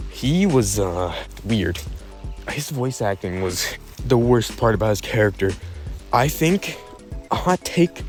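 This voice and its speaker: A man hosting a casual opinion vlog, rambling and correcting himself as he talks in a laid-back way. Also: mid-range voice. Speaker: YouTube channel host.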